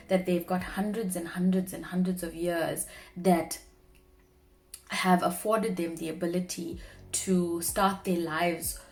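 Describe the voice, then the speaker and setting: A woman's voice: fairly low pitch, a little mellow. A young woman speaking earnestly to camera in a personal vlog, sharing heartfelt reflections. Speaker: vlogger; marketing professional.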